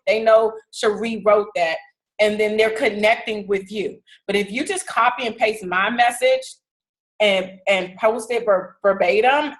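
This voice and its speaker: A woman's voice: on the high side, rough recording. Woman coaching her team. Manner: casual, direct, repeats "okay?" to check understanding. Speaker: fitness business team leader.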